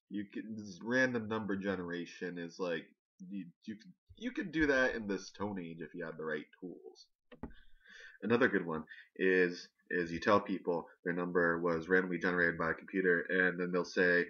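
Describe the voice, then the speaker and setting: A man delivering a rambling, deadpan comic monologue with halting restarts. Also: sits low. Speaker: comedian. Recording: dull lo-fi recording.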